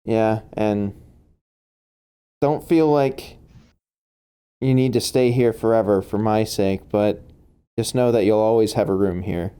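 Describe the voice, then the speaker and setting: A man voicing a kindly older woman who runs an orphanage, talking in a weary, soft-spoken way over a home chat mic. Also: on the low side, steady tone, slow, long pauses, clean tone. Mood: gentle.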